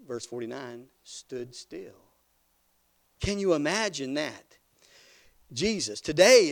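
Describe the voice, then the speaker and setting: A man delivers a sermon in a somewhat high voice with a gravelly edge. He swells from quiet, almost hushed lines to loud, climbing emphasis, then drops back down again. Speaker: preacher.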